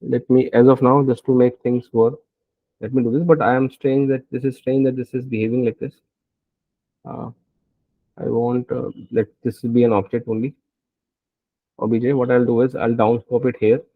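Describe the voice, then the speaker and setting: A man's voice: medium pitch, flat delivery, moderate pace, long pauses, narrow, tinny audio. A man teaching programming as he codes live, thinking aloud and often checking in with "right?". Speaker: programming instructor. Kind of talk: live coding tutorial.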